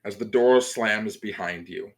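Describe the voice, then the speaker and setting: A man running a tabletop game as game master, setting spooky scenes in a deliberate way. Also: fairly low pitch, a crowd in the background, poor audio.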